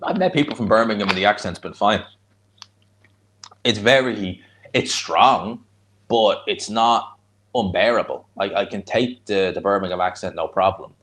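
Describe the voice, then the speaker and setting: There's slight background noise as a man with a fairly low, fairly bright voice talks at normal speed. He's a Dublin-accented streamer from Ireland hosting a live fight watch-along, chatty and blunt, rambling and responding to chat between fight reactions.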